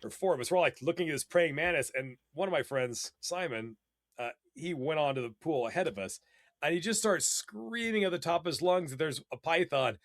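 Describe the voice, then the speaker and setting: A man telling casual stories as a podcast guest, animated and rambling, with many fillers. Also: a little high, fairly quick, no echo, studio quality. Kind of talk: casual storytelling.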